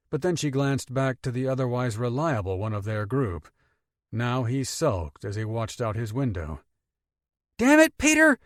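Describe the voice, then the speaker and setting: A man narrating an audiobook in steady, expressive storytelling. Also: mid-range voice, no echo, studio quality. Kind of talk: scripted narration.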